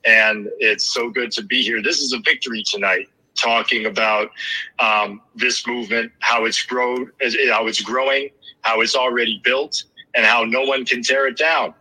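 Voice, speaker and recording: Enthusiastic male speaker, very bright tone, rambling rally talk. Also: medium pitch, fairly even intonation, normal speed, poor audio. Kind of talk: rally speech.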